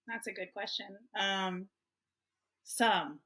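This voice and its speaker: Speaking slowly in a mid-range voice with a sharp edge, this guest author from Hawaii, United States, is a woman in her fifties. Her storytelling is candid and personal, emotional and full of frequent laughter.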